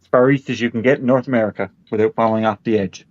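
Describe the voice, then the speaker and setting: A man's voice: medium pitch, fairly even intonation, quick pace, a little mellow. A man from Newfoundland with a Newfoundland accent, chatting casually and joking on a livestream. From Newfoundland, Canada. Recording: dull lo-fi audio.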